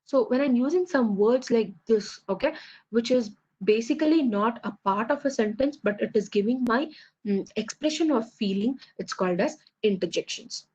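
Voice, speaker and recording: Husky-voiced woman teaching a class. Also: fairly high pitch, animated, normal speed, a little mellow, dull audio. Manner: explanatory, many fillers and checks like "okay, fine". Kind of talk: online class lecture.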